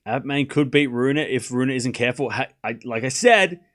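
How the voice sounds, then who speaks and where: A man's voice: mid-range voice, moderate pace, a bit bright. A man hosting a live tennis watchalong stream, commentating on points and playfully scolding and pleading with his chat.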